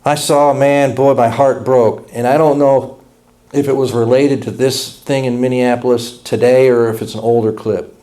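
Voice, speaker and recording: Male pastor, sermon delivery, folksy and impassioned, mellow dark voice. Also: medium pitch, level tone, moderate pace. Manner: folksy, blunt, impassioned preaching.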